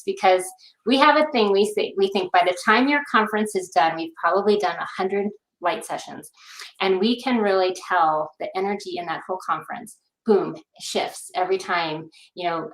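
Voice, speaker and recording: A woman's voice: lowish voice, a bit bright, echoey room, rough recording. A woman guest on a video call, talking in an upbeat, rambling way with many fillers. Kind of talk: casual video call pitch.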